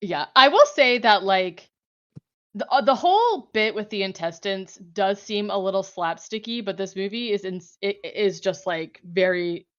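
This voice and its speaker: A woman's voice: medium pitch, animated, normal speed, a bit bright, muffled recording. Chatty woman recapping a movie. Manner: chatty, many fillers like "like", laughs often. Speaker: podcast host. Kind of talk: casual movie recap chat.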